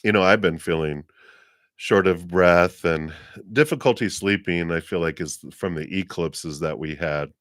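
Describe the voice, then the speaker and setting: Man, deep voice, dry close sound, gentle rambling psychic reader, laughs often, voice lower than usual today. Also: a little slow, dry recording. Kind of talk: casual live reading.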